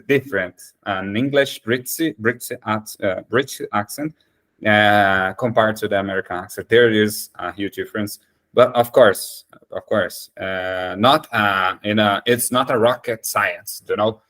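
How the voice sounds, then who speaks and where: Low-voiced man leading a chat. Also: a bit bright. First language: Portuguese. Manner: hesitant, many fillers and restarts. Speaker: conversation host. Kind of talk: casual English practice chat.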